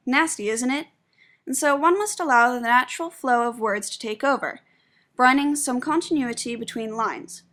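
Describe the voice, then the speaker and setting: A young woman reading a spoken essay aloud in a measured, explanatory way, presenting her own analysis of poetry. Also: on the high side, sharp tone. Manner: measured and explanatory, stressing syllables when demonstrating meter.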